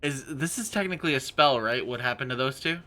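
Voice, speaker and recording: A man's voice: mid-range voice, sharp tone, soft background music. A man playing a tabletop game in casual chat, loose and swearing freely. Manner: loose, swearing, quick to laugh. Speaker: player.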